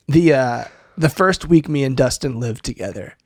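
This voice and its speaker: A man's voice: fairly high pitch, breathy edge, no echo, studio quality. A man with a slight Southeast Texas accent, co-hosting a casual chat in a playful, teasing way and laughing often. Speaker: podcast co-host.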